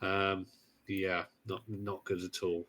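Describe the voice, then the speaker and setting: Podcast co-host, Midlands man, lowish voice, rambling and chatty. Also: level tone, slow, fairly bright tone. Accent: English Midlands. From English Midlands. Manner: rambling, hesitant, breaks into jokey impressions. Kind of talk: casual chat.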